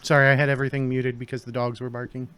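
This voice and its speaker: A man's voice: mid-range voice, level tone, racing, fairly bright tone, a little hiss or hum. A man playing a tabletop game at home, talking through his character's turn step by step. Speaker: player. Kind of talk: casual tabletop game play.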